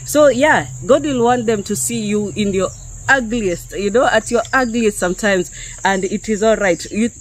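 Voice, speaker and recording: A woman's voice: medium pitch, moderate pace, rough recording. Woman from Kenya, online preacher, unscripted and chatty, keeps asking "okay?". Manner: conversational, peppered with "yeah?" and "okay?". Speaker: YouTube preacher. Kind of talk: unscripted spiritual teaching to viewers.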